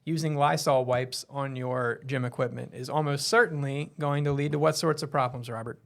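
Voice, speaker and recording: A man's voice: mid-range voice, fairly even intonation, moderate pace, creaky, a bit bright. A man hosting a casual live show, chatty and teasing, often laughing. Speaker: host.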